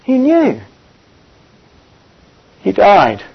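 Guy preaching a sermon, kinda high voice, lots of uh's, dull lo-fi sound. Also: wildly swooping pitch, gravelly, breathy edge. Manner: earnest, pausing with frequent "uh" fillers. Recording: dull lo-fi recording.

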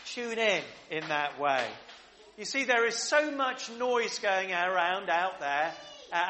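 A man's voice: high voice, pushed and bright, slight background noise. A man preaching a sermon at a church service, leading the congregation in prayer and call-and-response questions. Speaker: pastor.

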